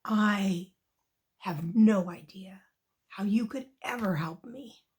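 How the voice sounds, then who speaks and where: A mighty male lion in a storybook tale, put on by a woman reader, angry and boastful. He grumbles in a lowered voice, slow and heavy. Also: darkish tone, natural voice. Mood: proud grumble.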